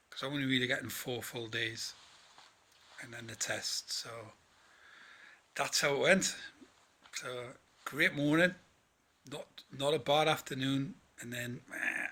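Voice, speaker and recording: A man's voice: medium pitch, bright, forceful tone. A tired man from northeast England, a trainee truck driver chatting in a rambling vlog about his day. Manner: chatty, rambling, many fillers and restarts.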